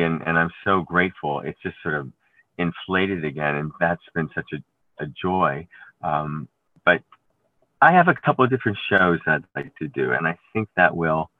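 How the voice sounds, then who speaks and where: Very low-voiced man on a tinny line. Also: no echo. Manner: rambling, halting storytelling with many restarts. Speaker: actor guest. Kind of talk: conversational interview. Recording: tinny phone-like line, dry.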